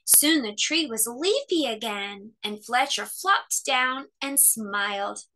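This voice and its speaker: A woman hosting children's story time, reading a picture book aloud with expressive, animated storytelling. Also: on the high side, slow pace, a little hiss or hum.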